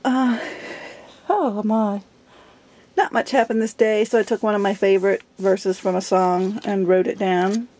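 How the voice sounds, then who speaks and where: A middle-aged woman who vlogs about journaling flips through her journal in a casual show-and-tell chat, giggly and self-deprecating. Her mid-range voice is a little mellow, fairly even in intonation, and unhurried.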